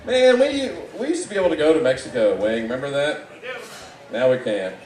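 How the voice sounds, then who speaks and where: A man delivering a live comedy roast set in a mocking, rambling way, with sudden loud outbursts. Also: on the high side, huge pitch swings, quick pace. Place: live event room. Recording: echoey room, distant mic, audible background.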